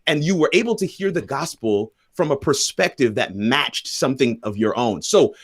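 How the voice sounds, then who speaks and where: Panel guest, male, mid-pitched, on a video call; builds a faith message with repetition and light humor. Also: expressive, moderate pace, husky, no echo. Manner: builds to a sermon-like point with repeated phrases. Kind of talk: live-streamed panel talk.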